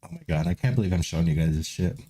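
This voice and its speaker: A man's voice: sits low, lively intonation, rapid-fire, mellow. A man chatting casually on a live stream, rambling, laughing often and swearing as he mocks himself, a little tipsy.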